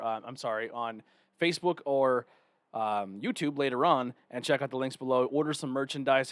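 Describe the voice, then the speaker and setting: A man's voice: mid-range voice, dry recording. A man hosting a casual podcast, chatting loosely and running through plugs and the show rundown. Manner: plugs links and steers the rundown, relaxed and chatty. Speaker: podcast host.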